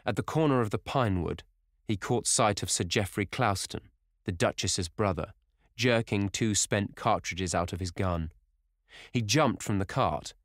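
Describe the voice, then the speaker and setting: A man reading a classic novel aloud as an audiobook narrator, in a measured, even storytelling manner. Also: low voice, dry recording, studio quality.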